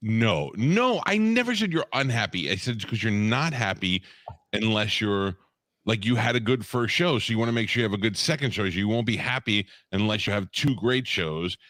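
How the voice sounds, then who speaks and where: A man's voice: fairly low pitch, fairly quick, pushed and bright, no room sound. A man co-hosting a podcast, teasing his partner in a dry way during casual banter. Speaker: podcast co-host, radio host. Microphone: studio microphone.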